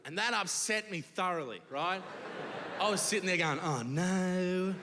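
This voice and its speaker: A man performing a crude, animated stand-up set on a theatre stage. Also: high voice, moderate pace, noisy background. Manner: crude, animated storytelling with crowd laughter. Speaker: stand-up comedian. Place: large old theatre on stage. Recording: long theatre reverb from stage.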